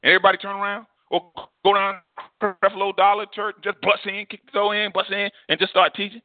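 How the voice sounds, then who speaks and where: A man's voice: high-pitched, a little fast, dry recording. Fervent male preacher on a tinny line. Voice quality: fervent, repeats phrases, animated. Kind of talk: sermon. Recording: tinny phone-like dry sound.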